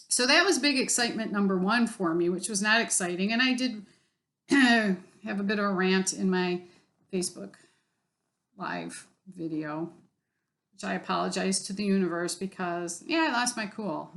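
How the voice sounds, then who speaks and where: A woman's voice: medium pitch, fairly bright tone. A woman telling a story in a casual vlog, blunt and exasperated, swearing freely. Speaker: vlogger.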